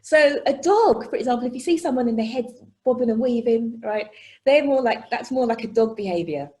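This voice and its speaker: A woman presenting an online workshop over a video call, chatty and animated, often checking in with "okay?" and "right?". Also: fairly high pitch, fairly quick. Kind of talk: live online workshop teaching.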